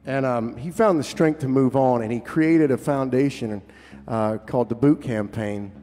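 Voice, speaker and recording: A singer-songwriter jokes casually with a live audience between songs at a concert venue, swearing freely. His voice is medium-pitched with a dark tone, at normal speed. The recording carries live hall reverb with faint guitar.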